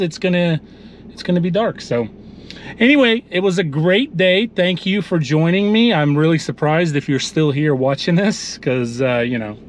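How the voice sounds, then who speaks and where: Speaking at a medium pitch over slight background noise, a man gives casual vlog narration about lawn care outdoors in a yard. He's chatty and tells stories, addressing his viewers as ninjas.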